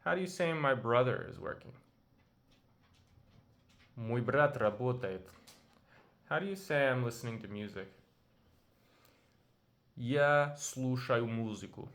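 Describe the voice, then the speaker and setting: A man teaching a language lesson, speaking slowly and patiently and repeating phrases for the learner to practice. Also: mid-range voice, expressive, fairly bright tone.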